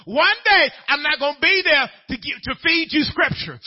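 A pastor delivers a sermon in a very high, lively voice at a moderate pace with hardly any pauses. His pitch swings widely as he moves from a folksy family story into shouted preaching, and the recording sounds dull and lo-fi.

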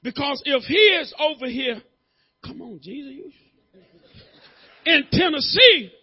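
A male pastor preaching a sermon, talking casually with the congregation, then building to shouted, sung-out preaching. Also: very high-pitched, expressive, a little slow, muffled recording. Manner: conversational, calls on congregation members. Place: church.

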